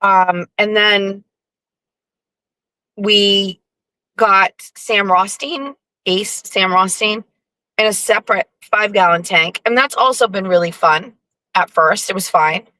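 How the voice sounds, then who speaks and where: A woman hosting her own show, telling a profane, animated story with sarcastic asides in a casual live-stream monologue. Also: medium pitch, takes it slowly, no echo, low-quality recording. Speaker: show host.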